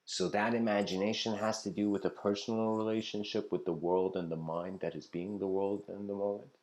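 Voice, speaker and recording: A man's voice: on the low side, little pitch movement, a little fast, a little mellow. A man giving an informal philosophy lecture, rambling and laughing often, acting out the voices in his stories.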